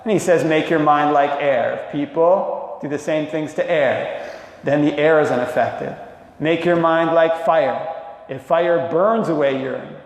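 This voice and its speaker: A man giving a dhamma talk as a teacher, telling a story slowly and deliberately with light chuckles. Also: fairly high pitch. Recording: echoey hall, long reverb.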